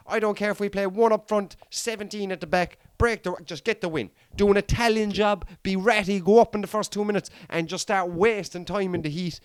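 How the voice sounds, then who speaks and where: A man's voice: sits high, brisk, smooth, no room sound, studio quality. A man giving a blunt, rambling football preview as a pundit, firing off rhetorical questions. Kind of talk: casual opinionated football preview.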